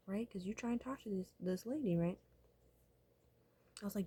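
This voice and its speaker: Husky-voiced woman, casual vlog storyteller, profane and whispery. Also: mid-range voice, fairly quick, long pauses, mellow. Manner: profane, rambling, often drops to a whisper.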